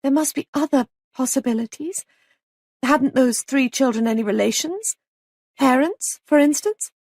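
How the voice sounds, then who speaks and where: A woman voicing an anxious young wife who pleads urgently and raises her pitch. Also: lively intonation, moderate pace, a little mellow, dry recording, studio quality.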